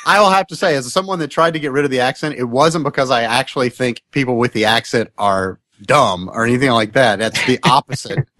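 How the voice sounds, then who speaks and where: A man's voice: medium pitch, a little fast, a bit bright, dry recording. A man on a podcast panel telling a self-deprecating story about his upbringing. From Southern US, Mississippi family. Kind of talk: casual panel chat.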